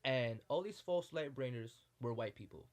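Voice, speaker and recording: A man talks in a heated, impassioned monologue, blunt and full of profanity. His voice sits in a middle pitch, and he keeps checking in with his listener as he presses his point. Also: expressive, normal speed. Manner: repeats "you know what I'm saying". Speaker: spiritual commentator.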